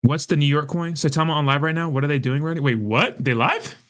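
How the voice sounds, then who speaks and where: A man's voice: on the high side, expressive, fast, fairly bright tone. A man hosting a casual livestream, reacting to chat comments in a profane, heated way while hungover. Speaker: crypto livestream host.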